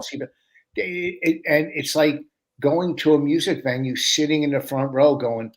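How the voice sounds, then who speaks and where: A man's voice: fairly high pitch, normal speed. A man, a comedian guest on a podcast, talking bluntly and brashly with lots of swearing. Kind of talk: casual chat.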